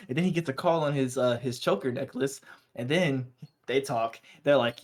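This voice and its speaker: A young man co-hosting a podcast, recapping anime episodes in a rambling, excited, slang-filled way. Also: a little high, normal speed. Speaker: podcast co-host.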